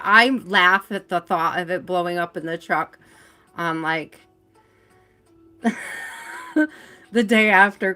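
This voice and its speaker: A woman's voice: medium pitch, sharp tone. A woman hosting a tarot live stream from home, chatting casually, greeting viewers by name and laughing often.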